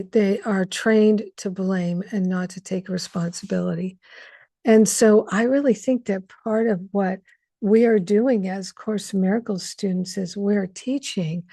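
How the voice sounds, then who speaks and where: A woman's voice: mid-range voice, warm tone, dry recording. A woman hosting an online spiritual gathering, speaking earnestly and reflectively with many fillers and restarts over a video call mic. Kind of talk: conversational spiritual talk.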